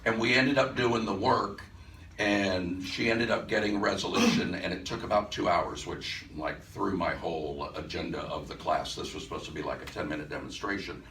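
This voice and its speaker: A man's voice: sits low, normal speed, bright, forceful tone. A man teaching hypnosis, telling a story from a class in a conversational way, with frequent restarts and acted-out dialogue. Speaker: hypnosis instructor. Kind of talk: storytelling lecture to a live audience. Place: event room with a live audience. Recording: echoey room, distant mic, faint noise.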